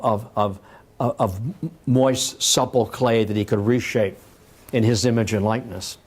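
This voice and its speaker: A man giving a public history lecture in a library, telling it conversationally with frequent restarts and repeated words. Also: medium pitch. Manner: conversational storytelling with many restarts.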